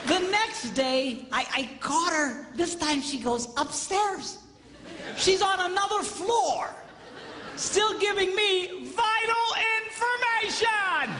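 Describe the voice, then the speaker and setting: A man in his fifties, a pastor and marriage speaker, giving a comedic stage talk, mimicking voices and shouting punchlines. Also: very high voice, expressive, slow pace, crowd noise. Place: large hall before a live audience. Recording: echoey hall with faint noise.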